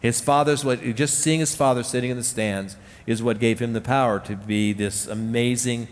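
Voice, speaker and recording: A man's voice: medium pitch, steady tone, moderate pace. A man preaching a sermon as a pastor, earnest, repeating key phrases and often restarting his sentences. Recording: long hall reverb.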